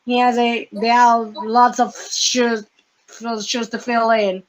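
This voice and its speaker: A woman hosting a casual fan podcast, talking in a halting way with many fillers and restarts. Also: fairly high pitch, flat delivery, poor audio. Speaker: podcast host.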